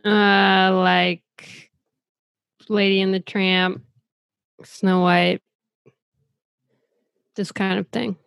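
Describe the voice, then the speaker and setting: A woman chatting casually as a co-host, slow and laid-back, with a teasing edge. Her voice has a gravelly fry, and the sound is close and dry. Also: mid-range voice, level tone, fairly bright tone, dry recording. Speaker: podcast co-host. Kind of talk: casual chat.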